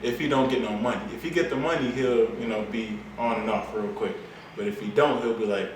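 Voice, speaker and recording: A man's voice: mid-range voice, steady tone, a little fast. A young man casually telling a story, laid back and slangy. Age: young adult. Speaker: student interviewee. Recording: echoey room, distant mic, background noise.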